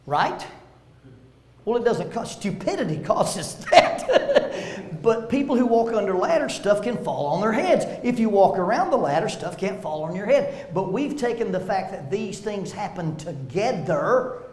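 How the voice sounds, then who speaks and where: A man's voice: sits high, a little slow. Man teaching in a roomy church. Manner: animated storytelling with humor, acting out quotes. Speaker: seminar speaker. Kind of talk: church seminar talk. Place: church meeting room.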